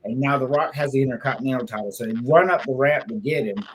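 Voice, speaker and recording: A man's voice: medium pitch, fast talker, a little hiss or hum, rough recording. A man hosting a casual chat, telling stories with animation and swearing freely.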